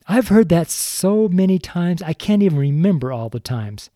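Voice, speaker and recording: This older man, a veteran street preacher, has a slightly high, expressive voice with a dark tone and a moderate pace. Giving a sermon for a recorded show, he stumbles verbally and laughs at himself often. His studio microphone captures studio-quality audio without echo.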